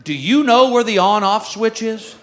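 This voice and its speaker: A stand-up comedian playing a bossy, shrill woman flight attendant in a live club. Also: expressive, moderate pace. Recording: live club, crowd laughter, noisy.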